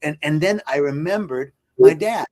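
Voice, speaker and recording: A man's voice: on the high side, animated, normal speed, a little mellow. A man on a podcast telling about his spiritual path in an earnest, searching way, with many fillers and restarts. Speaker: podcast guest. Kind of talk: reflective spiritual storytelling.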